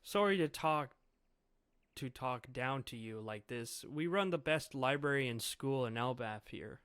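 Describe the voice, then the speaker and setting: A man voicing a polite young woman assistant who introduces herself softly. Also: medium pitch, expressive, a little slow, clear, resonant tone, no echo, studio quality.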